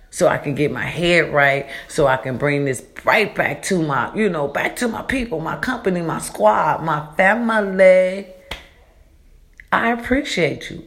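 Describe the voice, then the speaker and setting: Chatty preachy woman vlogger. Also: very deep voice. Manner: chatty and preachy, calls listeners baby and y'all. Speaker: vlogger giving life advice. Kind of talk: casual motivational monologue. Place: echoey borrowed room.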